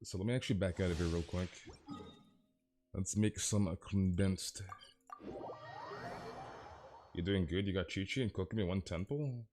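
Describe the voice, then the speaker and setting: A man's voice: low-pitched, brisk, background noise. A man with an American accent hosting a live game stream, upbeat and greeting viewers in chat by name. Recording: game music playing behind. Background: game music.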